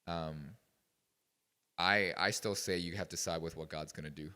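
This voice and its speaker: A man's voice: low-pitched, fairly even intonation, moderate pace, pushed and bright, clear, resonant tone, big-room sound. A man speaking as a guest at a youth retreat, telling stories in a rambling, casual way with many fillers. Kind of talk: casual talk to a youth group. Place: retreat meeting room.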